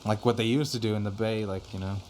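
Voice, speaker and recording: A man's voice: lowish voice, steady tone, fast, darkish tone, slight background noise. A young man casually chatting on a podcast, rambling with lots of fillers and casual swearing. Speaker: podcast guest telling studio stories. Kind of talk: casual chat.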